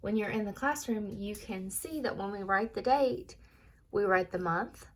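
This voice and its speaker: A young woman with a medium-pitched voice gives a recorded reading lesson to small children, clearly sounding out each word at a slow pace and reviewing worksheet answers.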